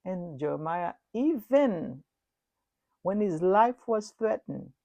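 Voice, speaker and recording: A middle-aged woman delivering a prophetic sermon. She speaks earnestly and repeats herself, swinging between loud and hushed. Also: on the low side, expressive, slow pace, no room sound. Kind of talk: prophetic sermon recounting a dream.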